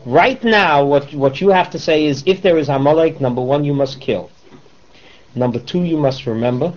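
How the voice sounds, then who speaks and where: A man's voice: a little high, normal speed. A man teaching a Torah class, switching between English and Hebrew terms and posing rhetorical questions to his students. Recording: dull lo-fi classroom recording.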